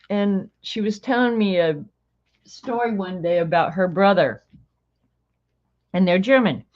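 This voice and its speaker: A woman's voice: medium pitch, takes it slowly, pauses often, a little mellow. A woman hosting a craft video, telling rambling stories and laughing often. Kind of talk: chatty storytelling while coloring. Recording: dull lo-fi recording.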